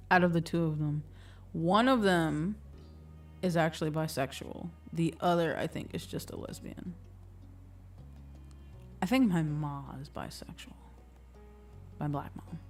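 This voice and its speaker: Brief: laid-back woman streamer, low voice, slow easy delivery, off-mic with faint background music, quick to laugh. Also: far from the mic. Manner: laughs often, swears casually. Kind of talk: casual stream chat.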